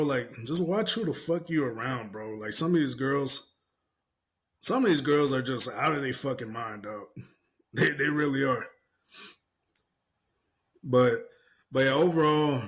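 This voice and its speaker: A young man co-hosting a podcast, retelling an online argument in casual, profane slang and mimicking the people in it. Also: medium pitch. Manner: animated retelling with mimicked voices, cursing, laughing. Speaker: podcast co-host. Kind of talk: casual chat.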